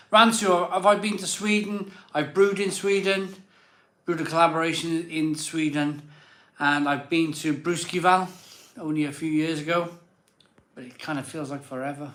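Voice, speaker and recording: A man's voice: on the high side, fairly even intonation, measured pace, pauses often, fairly bright tone, echoey room. A slightly drunk man, hosting a live beer show in rambling casual chat. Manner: rambling and self-doubting, many fillers and restarts. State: a bit drunk.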